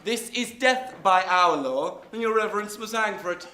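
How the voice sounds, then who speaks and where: Young male actor: commanding gentleman, sharp bright voice, echoey stage. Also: high voice, lively intonation, normal speed. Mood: stern. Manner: commanding, formal. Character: stern young gentleman making an arrest. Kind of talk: stage acting in a school play. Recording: echoey stage with faint hiss.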